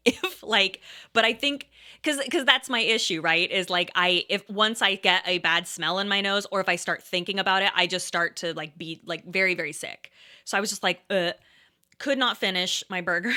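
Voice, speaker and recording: A woman in her thirties casually telling a rambling story, pausing and restarting often and breaking into laughs. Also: medium pitch, bright, forceful tone. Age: 30s. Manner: hesitant, rambling, laughing often, quotes herself and others.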